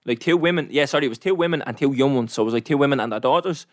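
A young man with an Irish accent rattles through a travel story at a quick clip. He talks casually and animatedly, with plenty of slang and swearing. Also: medium pitch, no room sound, studio quality. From Ireland. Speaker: storyteller in a chat. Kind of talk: casual chat.

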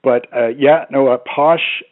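A man's voice: medium pitch, fairly even intonation, measured pace. Man on a tinny phone line. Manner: hesitant, many restarts and "you know"s. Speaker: language expert guest. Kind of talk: radio phone-in interview.

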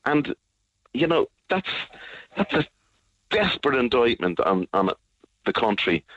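A man's voice: mid-range voice, sing-song, unhurried, fairly bright tone, dry recording. A man speaking on a radio interview, angry and emphatic, repeating his points with force. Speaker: guest advocate. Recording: dull lo-fi radio sound.

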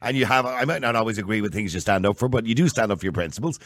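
An Irish man hosting a talk show, animated and emphatic, often cutting in to steer the panel. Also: fairly low pitch, racing, no room sound. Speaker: host.

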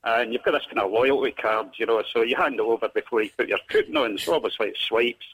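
A man's voice: medium pitch, animated, fast talker, vocal fry, a bit bright, slight background noise. A Scottish man calling in by phone to a radio show, telling stories casually and chuckling often. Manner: chuckles often between lines. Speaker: radio caller. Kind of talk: phone interview, casual storytelling. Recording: phone line.

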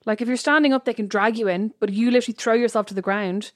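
A woman's voice: a little high, fast, no echo, studio quality. A woman co-hosting a casual chat podcast, blunt and self-mocking, laughing often. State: pregnant. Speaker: podcast co-host.

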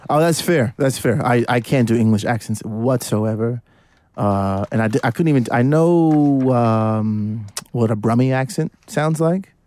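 A man's voice: medium pitch, measured pace, a little mellow, dry recording. A man co-hosting a sports podcast, trading playful jokes in casual banter. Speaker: podcast co-host.

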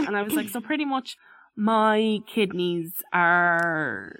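A woman's voice: mid-range voice, lively intonation, measured pace, a bit bright, dry recording. A woman co-hosting a podcast in casual chat, telling a story animatedly and acting out the dialogue of the people in it. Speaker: podcast co-host.

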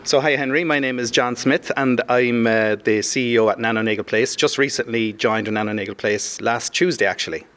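A man's voice: mid-range voice, a bit bright. A man with a Cork accent, a chief executive, talking casually and chattily in an interview. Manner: brisk, talkative, casual.

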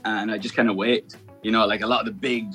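Irish male guest, young, laid-back rambling talker, sharp bright timbre. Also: on the low side, fast, faint music behind. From Ireland. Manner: relaxed, rambling, heavy use of "like" and "kinda". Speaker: guest singer. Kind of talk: casual radio interview chat.

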